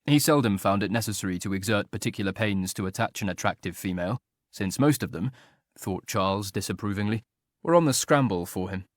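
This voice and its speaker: The narrator of this historical romance audiobook is a man with a lowish voice who tells the story in a measured, even way. It's scripted narration with dry, studio-quality recording.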